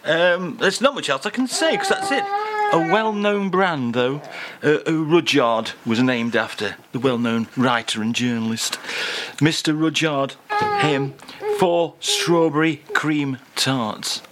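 A man's voice: fairly high pitch, expressive, unhurried, noisy background. A man presenting community radio, joking and rambling in casual chat. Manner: jokey, rambling, chatty, talking through a mouthful. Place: radio studio.

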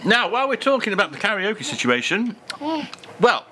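A man's voice: sits high, big pitch swings, normal speed, sharp tone, a little hiss or hum. Chatty older-sounding man on community radio. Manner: jokey, rambling, chatty, talking through a mouthful. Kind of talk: casual chat. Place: radio studio.

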